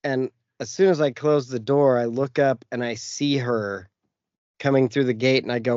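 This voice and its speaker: A man's voice: medium pitch, normal speed, no echo. A man hosting a podcast, telling a long profane story in casual chat and acting out the lines of the people in it. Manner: profane, animated anecdote with acted-out quotes. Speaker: podcast host. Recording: dull lo-fi podcast audio.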